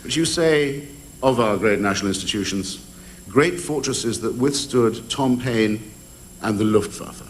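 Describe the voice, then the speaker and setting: A man's voice: medium pitch, measured pace, slight background noise. An Englishman cross-examining an opponent in a debate in a public hall, wry and ironic, with hesitant ums. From England.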